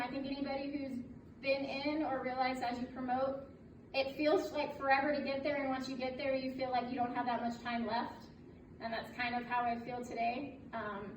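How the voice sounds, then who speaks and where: A woman in her late thirties, a military officer giving a candid, joking speech at her promotion ceremony and laughing often. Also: high voice. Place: indoor room at a ceremony. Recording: echoey room, distant mic, noisy background.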